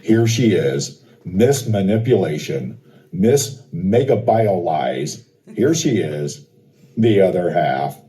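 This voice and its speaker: A man's voice: low-pitched, big pitch swings, slow, dark tone, full character voice, rough recording. A man in a parody sketch playing a snide TV interviewer who teases his guest with a sneering delivery. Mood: mocking. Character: mocking male TV interviewer, adult, snide.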